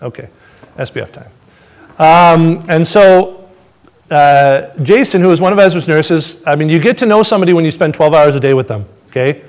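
A man telling his testimony to a congregation, swinging between excited storytelling and hushed, reflective moments. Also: a little high, moderate pace. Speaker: father sharing a testimony.

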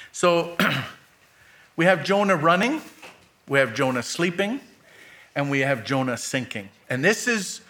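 A man's voice: medium pitch, pushed and bright. A middle-aged man preaching a sermon, reading scripture aloud with dramatic lifts for quoted lines and adding plain asides.

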